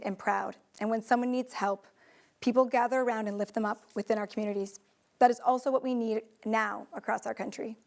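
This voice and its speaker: Woman, election candidate, earnest, slightly halting, higher voice, closing statement. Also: darkish tone. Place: television studio.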